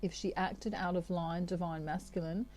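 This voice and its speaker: An Australian woman talks through a tarot reading for her listeners. Her voice sits on the low side and sounds soft and mellow. She keeps it chatty and drops in "okay" often as she moves between messages. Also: fairly even intonation, normal speed, slight background noise. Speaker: tarot reader. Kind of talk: channeled tarot reading monologue.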